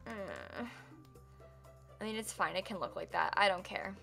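A woman's voice: mid-range voice, a little slow, creaky, pushed and bright, soft background music. A woman live-streaming a building game, chatting casually with her viewers, giggling and teasing herself as she works. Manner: chatty, giggly, self-mocking, talks to chat.

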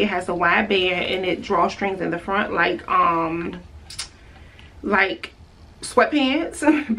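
A chatty woman gushes about her finds in a casual try-on haul, repeating her favorite words. Her voice sits at an ordinary middle pitch. It was caught on a phone camera at home, with faint room noise behind her. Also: a bit bright, recorded from a distance. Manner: gushing, chatty, repeats herself. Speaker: vlogger. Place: at home, indoors.

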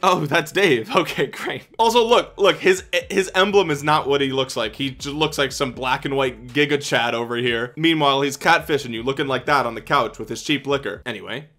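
A man hosting a comedic commentary on game ads, sarcastic and profane, with mock excitement. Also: medium pitch, brisk, hardly any pauses, faint music behind. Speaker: YouTube host reacting to game ads.

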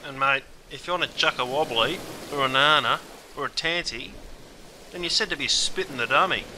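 A man's voice: on the high side, moderate pace, sharp tone. Matey Australian man narrating, noisy recording. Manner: matey, slangy, exaggerated. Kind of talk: comic scripted narration.

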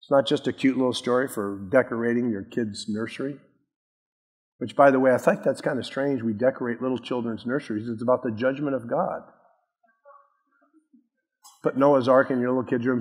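A man's voice: medium pitch, moderate pace, slightly rough. Earnest male pastor preaching in a reverberant hall. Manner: earnest, emphatic preaching with questions to the congregation. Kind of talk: sermon. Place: church sanctuary.

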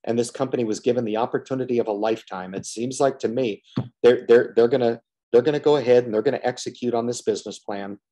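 A man's voice: medium pitch, fast, warm tone. A man giving a frustrated solo commentary on a stock, blunt and repetitive, swearing casually and circling back to the same complaints.

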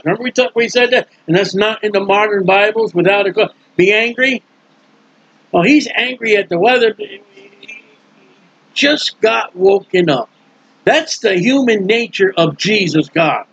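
A man preaching a casual, animated sermon, acting out the voices in his stories in colloquial speech. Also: very high voice, vocal fry, husky, poor audio. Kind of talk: sermon with acted-out scenes.

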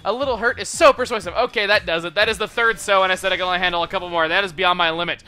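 A young man doing excitable, sarcastic commentary over gameplay. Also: high voice, rapid-fire, clean tone. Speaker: let's player. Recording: faint music behind.

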